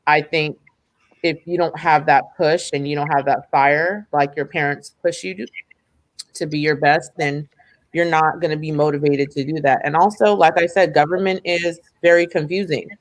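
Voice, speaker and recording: A woman's voice: low-pitched, steady tone, moderate pace. A woman speaks as a podcast guest, thoughtful and a little hesitant as she works through her points. Her voice sounds dry and close, with no room echo. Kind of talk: casual discussion.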